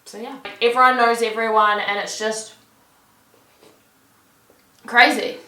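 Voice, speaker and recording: Chatty young woman, bright voice. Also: fairly high pitch, steady tone, takes it slowly. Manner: chatty, fills with "like" constantly. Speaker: vlogger. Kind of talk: casual vlog chat.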